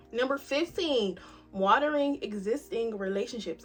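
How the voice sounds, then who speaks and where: A woman in her early twenties chatting casually to camera in a vlog, animated and talkative, swinging from loud to soft. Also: a little high, normal speed, faint music behind. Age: 20s. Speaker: vlogger. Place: cabin.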